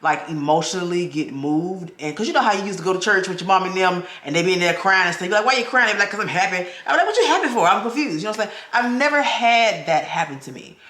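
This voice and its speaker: A woman's voice: fairly low pitch, quick pace, hardly any pauses, fairly bright tone, reverberant. A woman, a vlogger in her thirties, tells a personal story straight to her viewers, talking to them as "y'all" and acting out the voices she quotes.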